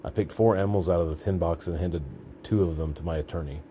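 A man reading a story aloud in a gritty, deadpan manner, breaking into shouts for the dialogue. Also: deep voice, quick pace, slight background noise. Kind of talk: audiobook narration.

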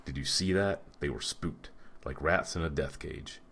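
A volatile, paranoid attorney, drunk and menacing, who lurches between groaning and shouting, as a male narrator reads him. The voice sits extremely low and heavy. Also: moderate pace, breathy edge, exaggerated voice. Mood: manic.

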